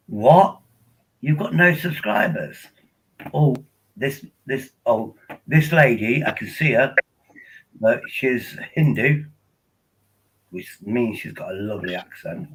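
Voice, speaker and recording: A man's voice: medium pitch, slightly rough, rough recording. An older man, chatting casually and rambling on a live stream from home at his laptop.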